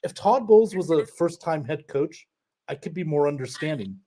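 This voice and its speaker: A man in a casual sports talk show keeps returning to the same point and backs it up with records. His voice is a little high. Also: animated, moderate pace, crowd noise. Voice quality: persistent, repeats his point, quotes stats.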